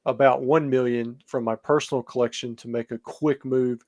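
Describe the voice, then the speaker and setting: Podcast guest guy, average pitch, rambly and hedgy, lots of like and you know. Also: steady tone, normal speed, a little mellow. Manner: rambling, hedging with many fillers. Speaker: podcast guest, card seller. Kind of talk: podcast interview.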